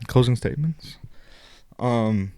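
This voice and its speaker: A young man co-hosting a casual podcast, speaking earnestly and a little haltingly. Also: mid-range voice, dark tone, clear, resonant tone. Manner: earnest, heartfelt, a bit halting. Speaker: podcast co-host. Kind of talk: casual chat.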